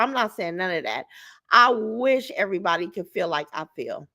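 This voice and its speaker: A woman hosting a casual livestream, blunt and profane, reading viewer comments aloud and greeting them warmly. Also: fairly low pitch, very animated, normal speed. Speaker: livestream host.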